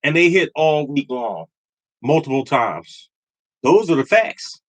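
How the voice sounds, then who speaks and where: High-voiced man pitching lottery tips. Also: animated, unhurried, no room sound, rough recording. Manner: emphatic and repetitive, preaching conviction. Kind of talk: live stream talking to chat.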